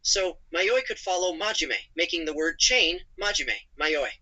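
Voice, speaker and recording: A text-to-speech male voice playing a calm, apologetic AI companion chatbot who narrates his own actions. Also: on the high side, measured pace, exaggerated voice, low-quality recording. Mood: earnest.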